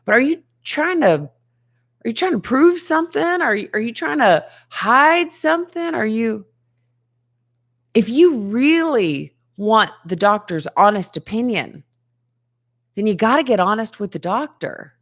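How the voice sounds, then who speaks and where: A woman's voice: fairly high pitch, expressive, a little slow, a bit bright. A woman hosting a daily self-help show, talking earnestly to the camera, asking rhetorical questions and laughing between points. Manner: earnest, conversational, asks many rhetorical questions. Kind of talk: motivational talk to camera.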